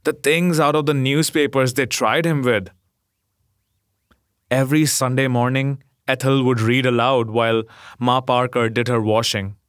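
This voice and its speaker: Slow, measured male storyteller. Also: medium pitch, level tone, clear, resonant tone, no room sound, studio quality. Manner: measured, gentle and unhurried. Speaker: narrator. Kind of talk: scripted story reading.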